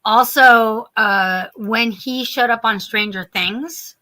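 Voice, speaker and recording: A woman co-hosting a podcast in casual chat, telling stories in a rambling, animated way with many restarts. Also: on the high side, takes it slowly. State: sleepy. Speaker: podcast co-host.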